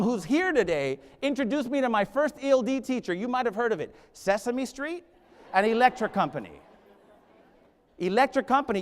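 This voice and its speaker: A middle-aged man, a native Spanish speaker, giving a lively keynote speech as a school leader, telling stories and rallying the crowd. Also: very high-pitched, clean tone. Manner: animated, rallying the crowd, storytelling. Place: large conference hall. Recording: echoing hall reverb.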